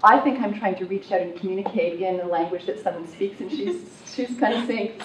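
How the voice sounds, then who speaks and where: A woman telling a personal story at a workshop in an animated, self-mocking way. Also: mid-range voice, normal speed, dull audio. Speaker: workshop participant. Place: conference workshop room. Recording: roomy, distant, noisy room mic.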